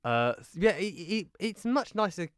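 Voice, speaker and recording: Chatty young man, crisp dry studio voice. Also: high voice, very animated, moderate pace, fairly bright tone, dry recording. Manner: chatty, mimics politicians mid-story. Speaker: radio show co-host. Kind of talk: casual political chat.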